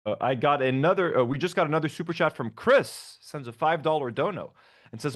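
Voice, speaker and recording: A man's voice: fairly high pitch, animated, brisk. A man co-hosting a casual live-streamed podcast, laid-back and laughing often as he reads out donations and thanks viewers one by one. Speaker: podcast co-host reading donations.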